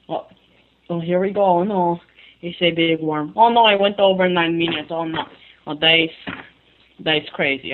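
A man's voice: on the high side, close to an everyday voice. A man putting on a goofy, cartoonish rodent-like voice, rambling and fretting with repeated "oh no"s into a webcam mic. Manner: rambling, repetitive, fretful "oh no". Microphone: webcam microphone. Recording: tinny phone-like webcam audio.

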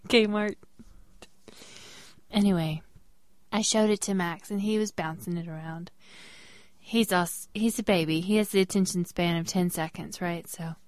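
A young woman, a mother, co-hosting a casual podcast and telling a story with lively voice changes. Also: measured pace, no echo, studio quality. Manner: animated storyteller, jumps into high voices when quoting people. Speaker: podcast co-host. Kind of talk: casual chat.

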